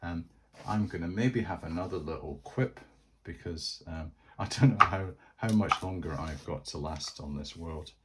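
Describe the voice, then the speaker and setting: A man's voice: sits low, normal speed, very noisy, close to an everyday voice. A man voicing a small male goblin who mocks his foes in sing-song rhymes during a tabletop game. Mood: nervous. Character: sneering little male goblin taunting in rhymes.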